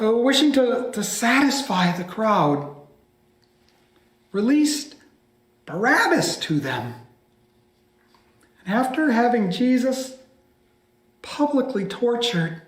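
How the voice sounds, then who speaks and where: A man, a pastor, telling a scripture story by heart with dramatic delivery, dropping some lines to a hushed whisper. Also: very high voice. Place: church. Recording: echoey church room.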